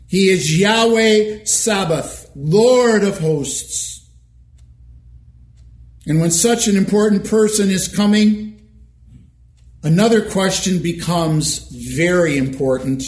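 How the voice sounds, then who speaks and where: A male pastor preaching a sermon in a church, measured and emphatic, asking rhetorical questions. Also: high-pitched, roomy sound.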